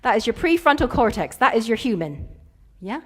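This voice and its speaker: A woman's voice: a little high, big pitch swings, a little fast, breathy edge. A woman, telling playful stories in a conference keynote. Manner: playful storytelling with acted-out quotes. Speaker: keynote speaker.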